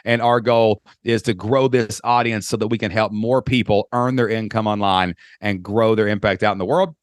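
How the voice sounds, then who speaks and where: A man's voice: fairly low pitch, dry recording, studio quality. A man with a Kentucky accent hosting a podcast call-in show, talking in an enthusiastic, folksy and joking way. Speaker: podcast host. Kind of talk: energetic podcast call-in chat.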